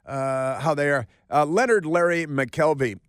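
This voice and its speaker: A man's voice: fairly high pitch, measured pace, fairly bright tone, clear, resonant tone, no room sound. A man hosting a talk radio show, delivering a mocking, sarcastic monologue with lots of repetition and asides from a studio. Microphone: studio microphone.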